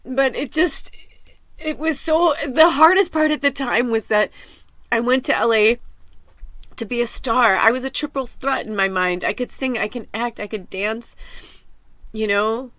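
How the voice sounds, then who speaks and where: A woman's voice: a little high, measured pace, fairly bright tone, no echo. A middle-aged woman hosting a podcast, talking in a raw, rambling, emotional monologue, tearful and often swearing. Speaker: podcast host.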